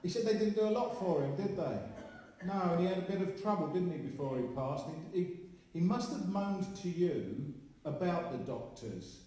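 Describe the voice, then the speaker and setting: A man with a high, mellow voice talks at a moderate pace in an animated way. He's a spiritualist medium, chatting and joking with the audience during a live demonstration in a large hall. The recording sounds distant, with the hall's echo all around.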